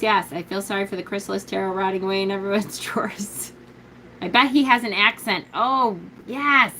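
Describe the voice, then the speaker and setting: A woman hosting a casual tarot live stream. She gushes over her decks, chats with viewers, thinks aloud and corrects herself, and slows down and drops low when she reads card meanings aloud. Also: bright, forceful tone, slight background noise, poor audio. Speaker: tarot reader and livestream host.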